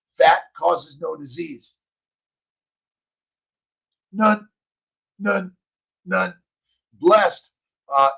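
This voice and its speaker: A man's voice: high voice, gravelly, slightly rough, poor audio. A man, a doctor, hosting a rambling, upbeat morning live stream, chatting casually and greeting viewers by name. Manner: rambling, upbeat, shouted bursts of encouragement.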